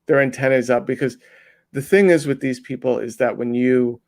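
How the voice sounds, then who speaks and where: A man's voice: medium pitch, steady tone, moderate pace, vocal fry, darkish tone. A man talking casually as an interview guest, rambling with many restarts. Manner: rambling, many restarts, mimics people he describes. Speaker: interview guest, undercover video maker.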